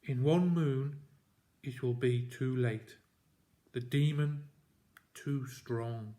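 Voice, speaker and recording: A grim, dying father and hunter from a storybook, giving stern commands in short, breathless bursts. A man voices him close to his own pitch. His words come slow and heavy. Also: mellow.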